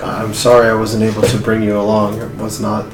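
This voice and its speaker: A man playing a tabletop game, speaking earnestly and haltingly in character. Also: lowish voice, completely flat delivery, far from the mic. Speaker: player. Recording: echoey room from afar, music behind.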